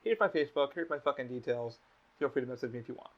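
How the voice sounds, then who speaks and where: A man hosting a casual podcast, telling stories in a blunt, animated way with a lot of swearing. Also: mid-range voice, very fast. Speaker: podcast host. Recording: slightly dull lo-fi audio.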